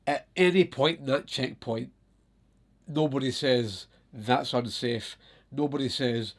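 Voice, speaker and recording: A man from Scotland with a Scottish accent, telling stories casually to his viewers, animated, laughing often and swearing freely. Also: mid-range voice. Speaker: vlogger. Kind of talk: casual storytelling to camera.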